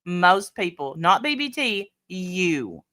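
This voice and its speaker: Blunt, bright-voiced woman host. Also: on the low side, big pitch swings, slow, no echo. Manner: blunt and mocking. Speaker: host reacting to a stream. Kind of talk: heated reaction commentary. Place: lives in Tennessee.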